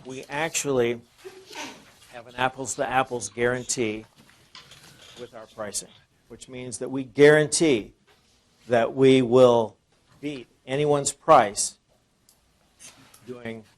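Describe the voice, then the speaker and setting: A man's voice: medium pitch, fairly even intonation, slow, long pauses. A man presenting at an informal seminar, talking conversationally and asking the audience rhetorical questions, often repeating and restarting phrases. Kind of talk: informal sales seminar talk.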